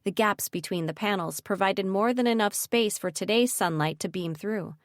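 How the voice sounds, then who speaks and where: A woman's voice: medium pitch, normal speed, dry recording, clean studio sound. Woman narrating a fantasy audiobook. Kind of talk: scripted narration.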